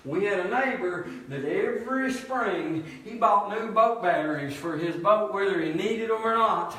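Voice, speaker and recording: A pastor preaching, telling a story with loud emphatic shouts and low, quiet asides. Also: male voice, normal speed. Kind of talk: sermon storytelling. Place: church. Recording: echoey church hall from far off.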